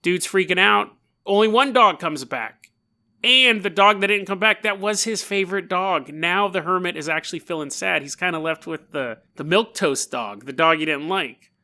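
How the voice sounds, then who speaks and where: A man's voice: high voice, moderate pace, sharp tone. A man hosting a podcast, casually retelling a folk tale with joking, rambling asides. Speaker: podcast host. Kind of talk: casual storytelling.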